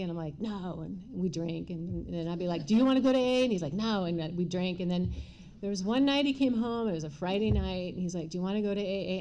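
A middle-aged woman candidly telling her own recovery story, with many pauses and fillers. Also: on the low side, mellow. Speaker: speaker sharing recovery story. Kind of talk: personal testimony talk.

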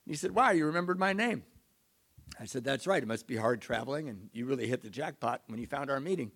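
A middle-aged man telling a self-mocking recovery story to an audience, in an animated way. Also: medium pitch, fast talker, gravelly, breathy edge. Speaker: speaker sharing recovery story.

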